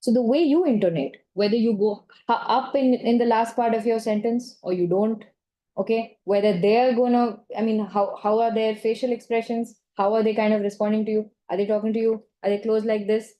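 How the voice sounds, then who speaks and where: A woman's voice: fairly high pitch, fairly even intonation, a little fast, warm tone. A woman lecturing in an online training session, talking conversationally and often checking in with "right?" or "okay?".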